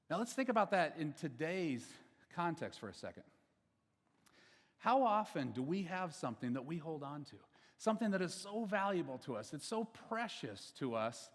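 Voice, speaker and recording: A man with a slightly raised voice preaches in a relaxed, chatty way, and the long reverb of a big hall trails after his words. He keeps checking in with the listeners with "okay?" and "right?", and he repeats words as his thoughts come together. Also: on the high side. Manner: casual, checks in with the audience with frequent "okay?" and "right?"; stumbles and repeats words as he builds each point. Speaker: pastor. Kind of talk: conversational sermon.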